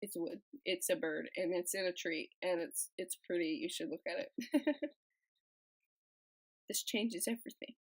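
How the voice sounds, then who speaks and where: A woman's voice: on the low side, fairly even intonation, normal speed, a little mellow, poor audio. A woman casually narrating over her speedpaint and reading posts aloud, rambling and giggly, with a desk mic she keeps bumping. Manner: rambling, giggly, restarts and trails off.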